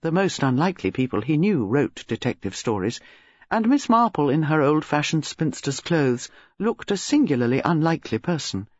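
Male narrator, scripted reading, lively pitch, dry dull lo-fi sound. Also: moderate pace, dry recording. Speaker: audiobook narrator. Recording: dull lo-fi recording.

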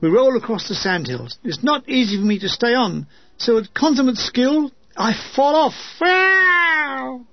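A man reads his own war memoir aloud, lyrical one moment and wry the next, with comic asides. His voice sits high. The recording is dull and dry, with no room sound. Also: sing-song, normal speed, no echo. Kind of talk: audiobook reading with comic asides.

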